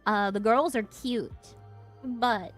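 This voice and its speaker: A woman's voice: on the high side, slow pace, loud music behind the voice. A young woman hosting her stream, chatting casually with viewers and laughing often. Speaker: streamer host.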